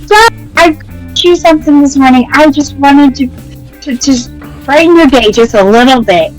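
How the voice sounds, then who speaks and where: Sweet, eager woman playing a tabletop game in character, high voice, light music behind. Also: moderate pace, low-quality recording. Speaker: player.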